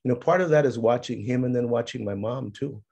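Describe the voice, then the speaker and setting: A middle-aged man speaks in a gravelly, slightly husky voice at an even middle pitch. He tells stories from his life in a reflective, conversational way, dropping in Spanish phrases. He circles back with fillers, then livens up as the family memories come out. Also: fast talker, dull audio. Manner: mixes in Spanish phrases, many fillers, grows animated when telling family stories. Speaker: speaker sharing his life's work.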